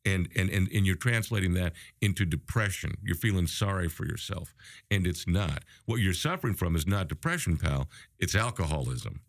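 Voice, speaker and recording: Middle-aged male co-host, very low voice, earnest and halting, dry close mic. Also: expressive, gravelly, no echo. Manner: earnest, reflective, halting with restarts. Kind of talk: casual radio talk.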